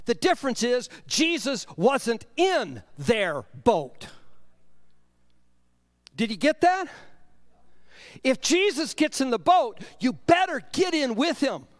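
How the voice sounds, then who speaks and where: A man preaching a sermon in church, swinging between loud emphatic lines and hushed low asides. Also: no room sound. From Southern US. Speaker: pastor.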